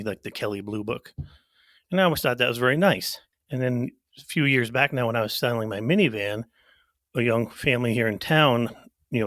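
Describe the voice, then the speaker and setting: A man's voice: mid-range voice, fairly bright tone, dry recording. Middle-aged man, podcast co-host, mid-range voice, reflective, self-deprecating, dry recording. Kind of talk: casual podcast chat.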